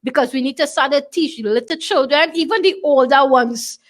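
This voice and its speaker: A woman's voice: sits high, moderate pace. A woman with a Tobago accent, hosting a talk show and chatting to the audience in dialect. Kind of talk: lively studio show hosting.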